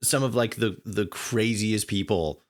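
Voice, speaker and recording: Low voice podcast host guy, rambly, says like a lot. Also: a little slow, a little hiss or hum. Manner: rambling, lots of filler words. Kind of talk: casual podcast chat.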